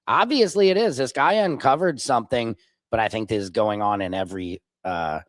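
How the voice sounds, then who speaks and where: A man's voice: mid-range voice, brisk, no room sound. A man from Minneapolis hosting a livestream, reacting to clips and answering chat comments in an informal, argumentative way. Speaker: livestream host.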